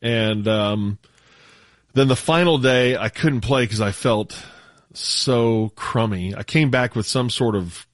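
A man's voice: medium pitch, no echo, clean studio sound. Laid-back man in radio banter. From United States. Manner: laid-back, halting, laughs often. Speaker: radio show regular. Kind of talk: casual on-air chat.

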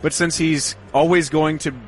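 A man's voice: a little high, steady tone, moderate pace, slight background noise. A man co-hosting a casual sports talk show, chatting and joking in easy banter. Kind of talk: casual sports radio chat.

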